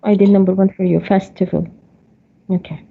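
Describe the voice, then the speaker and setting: A woman's voice: mid-range voice, flat delivery, brisk, gravelly. A woman with a Saudi Arabic accent teaching an English class over a video call, patiently explaining step by step and often saying okay. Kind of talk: online class lecture. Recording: muffled online-call audio.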